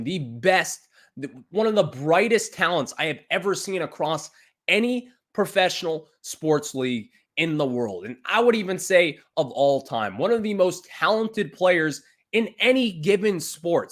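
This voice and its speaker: A man's voice: on the high side, a bit bright. A man hosting a sports podcast, ranting emphatically about a baseball contract. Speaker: podcast host.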